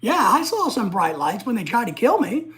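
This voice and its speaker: A middle-aged woman from the United States hosting a casual livestream, ranting in an excitable, blunt and profane way. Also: on the high side, moderate pace. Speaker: livestream host.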